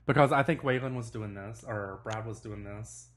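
A man co-hosting a podcast in casual chat, telling animated stories and laughing often. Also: fairly low pitch, normal speed. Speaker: podcast co-host. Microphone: studio mic, no headphones.

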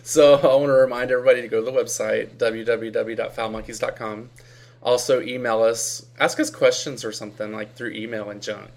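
Gravelly, laid-back man co-hosting a podcast. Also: medium pitch, fairly even intonation, fairly quick, darkish tone. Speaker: podcast co-host. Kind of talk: casual chat.

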